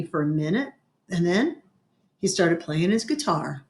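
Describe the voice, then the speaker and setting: A woman reading a children's novel aloud in a gentle storytelling manner, slowing down for effect. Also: lowish voice, animated. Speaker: reader. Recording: echoey room.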